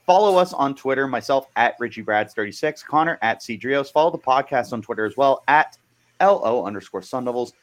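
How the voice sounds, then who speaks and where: A man's voice: mid-range voice, animated, fairly quick. A man hosting a casual sports podcast, bantering playfully and teasing his co-host.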